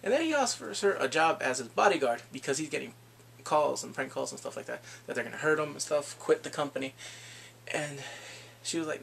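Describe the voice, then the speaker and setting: A man casually recapping a drama, animated and laughing often as he acts out the scenes. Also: medium pitch, fairly quick, creaky, a little hiss or hum. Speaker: drama reviewer.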